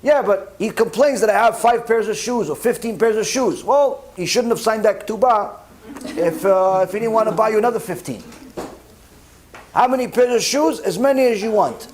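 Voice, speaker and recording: Animated rabbi with a high, lively voice. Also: male voice. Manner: animated, acts out both sides of dialogues; uses Hebrew religious terms. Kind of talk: Torah class sermon.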